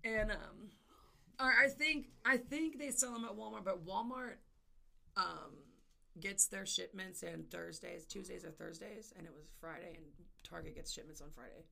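A woman co-hosting a podcast, telling a story in casual chat, animated, swearing and laughing as she acts out the people in it. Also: mid-range voice, moderate pace, vocal fry. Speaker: podcast co-host.

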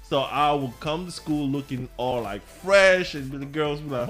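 African man telling animated stories. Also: on the high side, unhurried, soft background music. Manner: animated storyteller acting out other voices. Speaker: co-host gaming while chatting. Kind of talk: casual chat.

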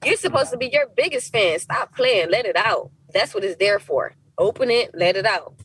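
A young adult woman, an actress guest on a podcast, telling her story with feeling, acting out quoted lines with big leaps in pitch. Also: moderate pace, recorded from a distance, rough recording. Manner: animated, emotional, acts out quotes with big pitch jumps; heartfelt, faith-filled tone.

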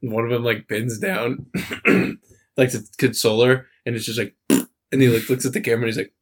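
A man's voice: medium pitch, flat delivery, brisk, slightly rough. A man co-hosting a podcast in casual chat, rambling with fillers and restarts. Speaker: podcast co-host.

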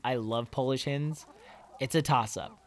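A man co-hosting a podcast, telling stories in a relaxed, easygoing way and laughing often. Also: medium pitch, unhurried, slight background noise. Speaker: podcast co-host. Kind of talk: casual chat.

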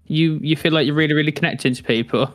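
A man's voice: a little high, fast talker, a bit bright, no echo. A man from the Black Country with a strong Black Country accent, hosting a casual podcast interview in a laid-back way. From Black Country, England. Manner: laid-back, laughs often. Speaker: podcast host.

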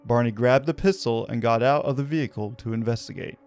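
A man's voice: medium pitch, fairly quick, darkish tone. A man hosting a podcast, telling a story in a casual, conversational way with fillers. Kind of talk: conversational narration of a paranormal story.

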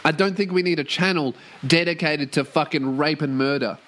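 A young man hosting a casual podcast, ranting in a sweary, animated way and breaking into loud put-on voices for quotes. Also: a little high, moderate pace, a little hiss or hum. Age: young adult. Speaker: podcast host. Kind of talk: casual rant monologue.

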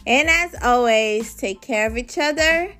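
Slow-talking young mom podcaster. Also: female voice, a little high, expressive, a bit bright, faint music behind. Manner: chatty, addresses listeners as y'all. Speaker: podcast host. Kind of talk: casual chat.

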